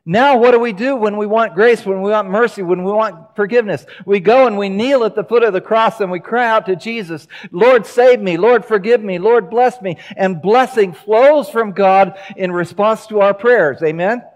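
A man preaching a sermon in a church, telling the story with lively acted-out voices. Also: high-pitched, moderate pace, few pauses. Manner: animated storytelling, acting out quoted voices. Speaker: pastor. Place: church sanctuary.

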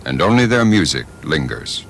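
A man narrating a documentary in a measured, solemn storytelling manner. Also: very deep voice, very animated, a bit bright, slight background noise. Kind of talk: scripted narration.

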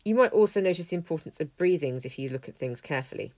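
A woman teaching a language lesson, explaining clearly and methodically, working through a text word by word. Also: sits low, lively intonation, quick pace, a little mellow, no room sound. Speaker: Greek teacher. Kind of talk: lesson walkthrough.

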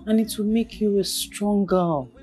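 An actress playing a gentle mother who softly consoles her crying daughter. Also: mid-range voice, unhurried, soft background music, lightly acted. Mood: soothing. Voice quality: soft, soothing, coaxing.

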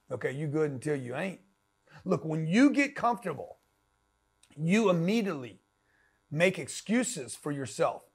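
A man giving a blunt, slangy motivational talk as a business coach, pushing the listener hard. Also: a little high.

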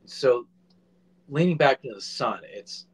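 A man in his forties, a filmmaker guest, telling a casual anecdote in an animated way and swearing freely. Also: mid-range voice, unhurried, breathy edge, poor audio.

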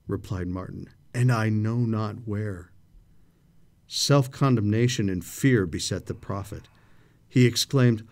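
A man's voice: lowish voice, a little slow, a little mellow. A man co-hosting a scripture study show, reading historical quotations aloud with dramatic expression.

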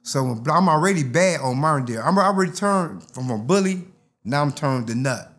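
A man's voice: fairly high pitch, brisk. A man, an interview guest telling a story in casual speech and acting out other people's lines. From Detroit, USA. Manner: animated, acts out others' lines.

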